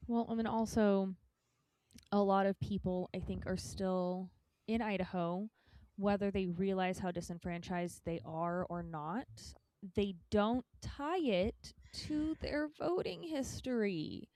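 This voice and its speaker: A woman's voice: medium pitch, takes it slowly, dark tone. A woman co-hosting a podcast, talking frankly and a bit facetiously in casual political discussion. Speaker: podcast co-host.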